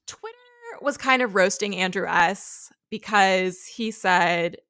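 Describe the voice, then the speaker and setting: A woman co-hosts a podcast, recapping a reality show in a casual, chatty way with animated storytelling and acted-out quotes. Her mid-range voice is clear and resonant, and she speaks slowly.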